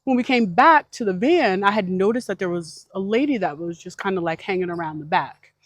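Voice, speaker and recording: Woman van-life vlogger, mid-range voice, dry close sound. Animated, chatty delivery full of likes, casual storytelling to camera. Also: medium pitch, fairly quick, dry recording.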